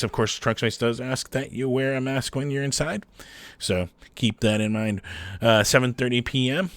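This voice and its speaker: A man's voice: lowish voice, a bit bright, dry recording. A man hosting a casual rundown of local shows, rambling and enthusiastic, swearing and often asking "right?". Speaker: host. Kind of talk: casual show listings.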